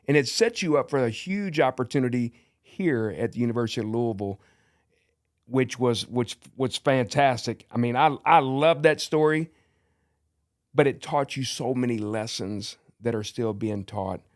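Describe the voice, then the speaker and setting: A male podcast host interviews his guest, praising him freely. He often restarts his sentences as he speaks. His pitch is ordinary for a man. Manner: warm, admiring interviewer with halting restarts.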